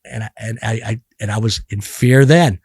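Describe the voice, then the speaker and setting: A man's voice: fairly low pitch, normal speed, a little mellow, breathy edge, no room sound, studio quality. A middle-aged man talking bluntly and profanely as a podcast guest, rambling with many restarts. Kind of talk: casual podcast conversation.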